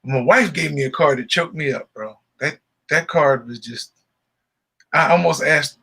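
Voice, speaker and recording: A man co-hosting a podcast, chatting casually and telling a joke with lively, laughing delivery. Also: medium pitch, unhurried, gravelly, pauses often, husky. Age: adult father. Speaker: podcast co-host. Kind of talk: casual chat.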